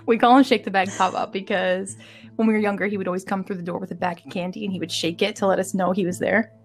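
A woman's voice: mid-range voice, steady tone, quick pace, darkish tone. A young woman co-hosting a casual podcast, telling stories with a slight stutter on some words. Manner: giggly, chatty storyteller with a slight stutter on m-words. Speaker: podcast co-host.

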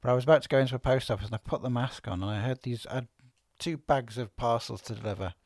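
A man on a podcast, telling stories in a lively way and acting out what people said. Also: mid-range voice, fast talker, no room sound, studio quality. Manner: animated storyteller, acts out quotes. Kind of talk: casual podcast chat. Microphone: studio podcast microphone.

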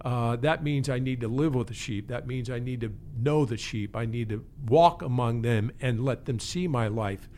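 A man's voice: medium pitch, normal speed, few pauses, a little mellow, slight background noise. A man who is a pastor and teaches pastoral care, speaking earnestly and reflectively in an interview, often restarting his phrases. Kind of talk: conversational interview.

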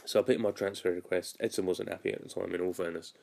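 A man's voice: deep voice, fairly even intonation, quick pace, gravelly, a little mellow. A young man telling a story about his cruise ship job in a casual, rambling and chatty way. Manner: rambling, chatty, lots of "like" fillers. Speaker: former cruise ship youth activities worker.

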